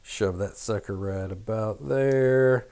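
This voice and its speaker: A middle-aged man with a faint, mostly flattened Southern American accent, chatting casually and muttering to himself while working at a bench. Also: fairly low pitch, slow. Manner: rambling, self-deprecating, mutters while working. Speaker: hobby shop owner building an RC truck.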